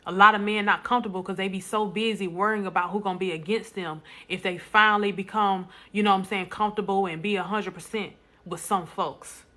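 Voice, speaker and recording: A woman's voice: mid-range voice, fairly even intonation, a little fast, bright, forceful tone. A woman speaking bluntly and emphatically to viewers in a casual live stream, repeating lines for stress. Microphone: phone.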